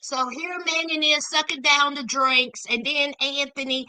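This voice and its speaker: A woman hosting a casual TV recap, sassy and animated, talking straight to her viewers. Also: high-pitched, measured pace, no room sound. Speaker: recap show host.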